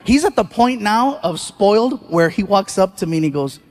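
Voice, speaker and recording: High-pitched guy doing stand-up, animated storytelling, acts out all the voices, faint noise behind. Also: normal speed, few pauses, in a large hall. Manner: animated, acts out voices, jokes at his own expense. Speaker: stand-up comedian. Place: stage at a live show.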